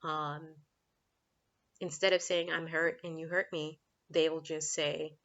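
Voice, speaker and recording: A woman's voice: deep voice, level tone, slow pace, fairly bright tone, highs cut off. A woman vlogging as a relationship coach at home, talking frankly and chattily, laughing often. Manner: chatty, frank, laughs often, breaks off to talk to her kids. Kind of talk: casual talking-head vlog.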